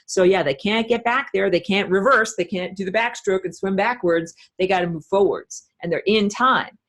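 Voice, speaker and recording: A woman teaching an online class, talking in a rambling, emphatic way with many fillers and restarts. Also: on the low side. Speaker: spiritual teacher.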